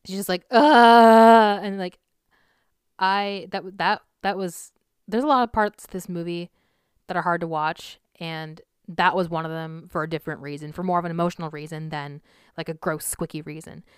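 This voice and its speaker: A woman's voice: on the low side, steady tone, normal speed, fairly bright tone, clear, resonant tone, no echo, clean studio sound. A woman recapping and reviewing a film in a casual, rambling way, with lots of fillers, restarts and sighs. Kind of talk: casual spoken movie recap.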